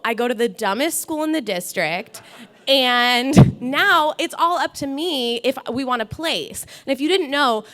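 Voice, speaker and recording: A woman's voice: high voice, fairly bright tone. A woman telling a personal story on a live stage, chatty and laughing often as she acts out what people said. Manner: chatty, laughs through her lines, acts out quotes.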